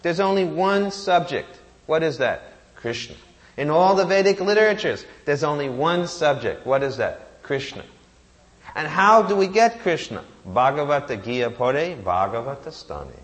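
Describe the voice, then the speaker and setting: A man's voice: fairly high pitch, expressive, measured pace. A man giving a sermon, reciting Sanskrit verses and asking rhetorical questions that he answers himself. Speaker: preacher.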